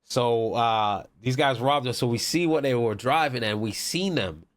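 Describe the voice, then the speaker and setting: A man's voice: medium pitch, normal speed. Rambling man telling a gaming story. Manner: rambling, lots of "like" and "whatever". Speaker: podcast guest. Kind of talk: casual storytelling chat.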